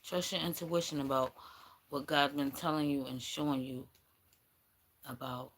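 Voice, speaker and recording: A woman's voice: low-pitched, fairly even intonation, moderate pace, slight background noise. A woman giving a rambling, blunt spiritual reading on a livestream, swearing casually as she goes. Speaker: spiritual reader.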